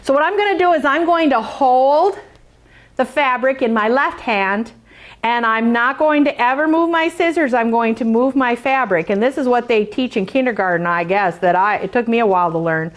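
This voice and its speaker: A woman's voice: fairly high pitch, normal speed. A woman who designs quilt patterns, giving a chatty hands-on craft demonstration, sassy and joking and playfully boastful.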